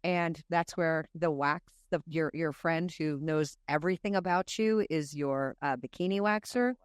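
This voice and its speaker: A woman's voice: sits low, measured pace, smooth, dry recording, clean studio sound. Musing woman. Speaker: podcast co-host. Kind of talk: casual chat.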